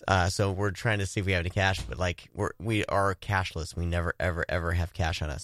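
A man's voice: sits low, steady tone, fairly quick, hardly any pauses, fairly bright tone, dry recording, clean studio sound. A man hosting a casual horror-movie podcast, rambling with restarts and frequent laughs. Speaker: podcast host. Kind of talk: casual chat.

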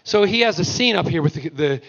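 A man's voice: high-pitched, expressive, a little fast, gravelly, fairly bright tone, dull audio. A man, an actor guest on a fan panel, telling playful stories and acting out the quotes in voices. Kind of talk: convention panel storytelling.

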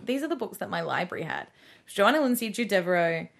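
This woman talks in casual podcast chat with a lively, swooping pitch. She is animated and says what she thinks, sometimes swearing. When she quotes people she jumps up into a high voice. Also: fast, vocal fry. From Middle Eastern background. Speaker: podcast co-host.

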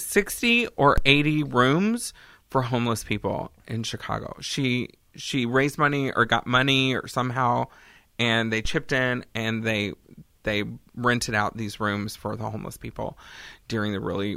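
Bright, rambling comedian host. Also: medium pitch, gravelly, no echo, studio quality. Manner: rambling, joking, excitable. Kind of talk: casual chat.

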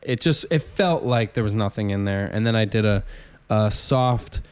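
A man's voice: lowish voice, normal speed, smooth, no echo. Man telling rambling road stories. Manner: rambling, self-interrupting, animated anecdotes. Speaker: touring stand-up comedian, podcast guest. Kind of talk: casual storytelling chat.

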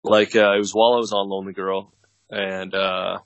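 A man in his thirties with a deep voice and flat delivery speaks at a moderate pace as a podcast guest, an actor and producer telling casual stories. He rambles, fills pauses often and laughs frequently. The recording has no room sound and the highs are cut off.

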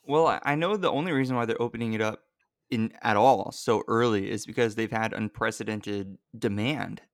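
A man's voice: on the low side, normal speed, dry recording, clean studio sound. A man co-hosting a podcast, chatting casually in a rambling way, running one sentence into the next with lots of fillers. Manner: rambling, filler-heavy, runs sentences together. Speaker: podcast co-host. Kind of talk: casual chat.

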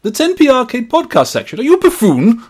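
A man putting on a pompous Victorian gentleman. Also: wildly swooping pitch, fast, husky, heavily acted. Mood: indignant. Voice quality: haughty, booming, affected posh.

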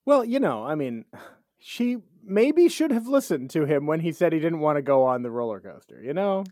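High, emphatic joking podcast man. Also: sing-song, moderate pace, mellow, dry recording, studio quality. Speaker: podcast co-host. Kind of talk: casual podcast chat.

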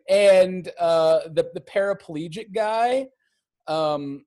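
Male podcast co-host, somewhat high voice, lively and laughing, casual film chatter. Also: unhurried. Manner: animated, laughing, profane. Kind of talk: casual movie review chat.

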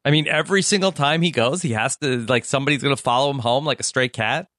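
An easygoing man with a mid-range voice co-hosts a casual podcast. He murmurs agreement often and pauses on fillers as he thinks aloud. The sound is dry and close-miked. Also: mid-range voice, a bit bright, dry recording. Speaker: podcast co-host. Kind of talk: casual chat recapping a reality show.

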